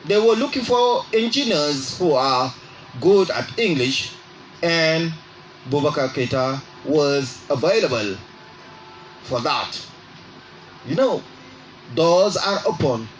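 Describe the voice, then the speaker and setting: A man hosting a radio English lesson, speaking slowly and repeating phrases so listeners can drill them. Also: a little high, animated, slight background noise, rough recording. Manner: exaggerates rising intonation on example phrases. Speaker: radio English teacher and host. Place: radio studio.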